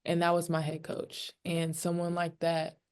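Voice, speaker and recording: A woman's voice: on the low side, monotone, normal speed, a little mellow, smooth. A woman, a pro basketball player, answering press questions candidly and emotionally, with lots of fillers. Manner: candid, rambling with many fillers. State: emotional, near tears.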